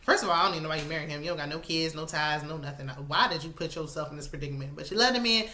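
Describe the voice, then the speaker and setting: A woman, casually recapping a reality show with sassy, animated asides. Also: deep voice, racing, a little hiss or hum. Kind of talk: casual chat.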